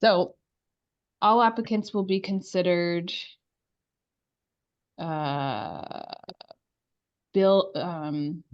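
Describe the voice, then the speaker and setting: A woman's voice: fairly low pitch, very slow, pauses often. A woman on a video call in a remote town meeting, explaining things at length with many fillers. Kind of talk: remote public meeting discussion. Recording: muffled video-call audio.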